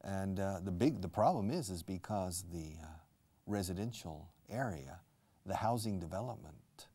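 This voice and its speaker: A low, gravelly male voice with a mellow, dark tone. He teaches English in an unhurried, chatty way. He repeats key words and keeps asking his learners questions. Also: lively intonation. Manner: explains slowly, repeats words, switches to Spanish for learners. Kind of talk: casual language lesson.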